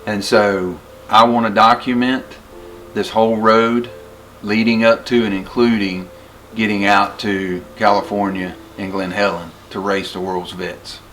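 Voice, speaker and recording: A man's voice: on the low side, flat delivery, a bit bright, slight background noise, poor audio. Earnest man narrating a vlog. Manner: earnest, halting with fillers. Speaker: documentary host.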